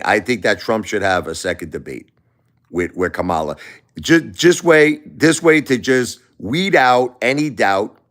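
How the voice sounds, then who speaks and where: A man's voice: medium pitch, fairly bright tone. A middle-aged man hosting a livestream, talking bluntly and emphatically, often repeating himself. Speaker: livestream host. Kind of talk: casual opinion talk.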